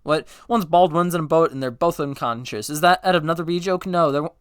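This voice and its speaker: A man racing through a whole movie script aloud, reading every part himself, stumbling over words and correcting himself in a deadpan way. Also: on the high side, fairly quick, clean tone, no room sound, clean studio sound. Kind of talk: rapid comedic script read-through, all parts.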